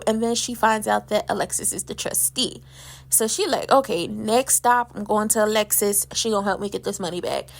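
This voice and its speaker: A woman with a gravelly, creaky edge to her voice and a fairly high pitch chats through a soap opera recap. She is sassy and talkative, slipping into the characters' lines as she retells each scene. She speaks close to the mic. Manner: chatty and sassy, acts out characters' quotes. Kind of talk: casual commentary recap.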